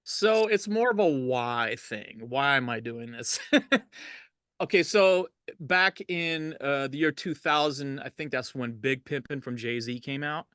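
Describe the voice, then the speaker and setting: A man's voice: medium pitch, animated, measured pace, fairly bright tone, smooth, dry recording, clean studio sound. A middle-aged man, a DJ, telling stories in a casual interview, laid-back and laughing often, livening up when he quotes people. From Los Angeles. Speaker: DJ, interview guest.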